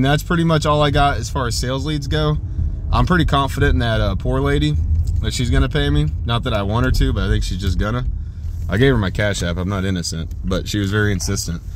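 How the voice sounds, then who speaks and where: A young man talks in a loose, rambling vlog style, swearing freely and poking fun at himself. His voice sits at a middle pitch. Faint car and traffic noise runs underneath. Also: a little fast. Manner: rambling, profane, self-deprecating. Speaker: vlogger. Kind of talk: casual vlog.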